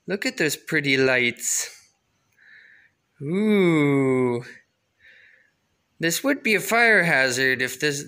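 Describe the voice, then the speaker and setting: A father gently coaxing his baby in a home video, sometimes turning playfully dramatic. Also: a little high, lively intonation, extremely slow, pauses often.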